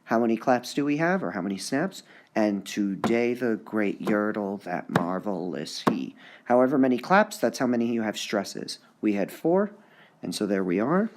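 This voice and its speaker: A male high school English teacher giving a recorded lesson on poetic meter, repeating words to sound out their stresses. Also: big pitch swings, normal speed, noisy background. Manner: sounds out syllables to mark the stresses.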